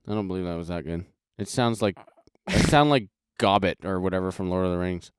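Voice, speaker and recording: A man's voice: low voice, a little fast, clear, resonant tone, dry recording, clean studio sound. A young man co-hosting a podcast, teasing and blunt in offhand casual banter. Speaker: podcast co-host.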